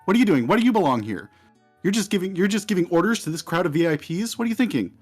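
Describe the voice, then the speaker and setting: A pushy, indignant VIP , put on by a man, fires off one badgering question after another in a raised, fairly high voice. Faint music sits behind the voice. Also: sing-song, racing.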